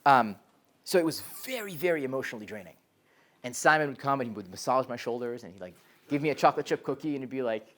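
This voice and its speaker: A young man giving a live talk to a college class as a startup founder, telling stories in a lively way, full of "like" and "um," and acting out quoted voices. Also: medium pitch, fast. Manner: lively storyteller, frequent "like" and "um", animated quoted voices.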